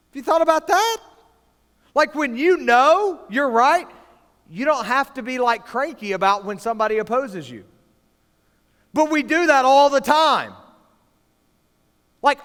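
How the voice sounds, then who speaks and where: A man preaching to students as youth pastor, swinging from hushed lines to loud, emphatic ones. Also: extremely high pitch. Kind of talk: sermon to students. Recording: long reverb of a large hall.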